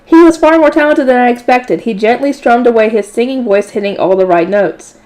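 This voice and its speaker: A woman's voice: a little high, brisk, a little mellow. A woman reading a light novel aloud in a casual way, correcting slips and adding offhand asides. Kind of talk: casual read-aloud narration.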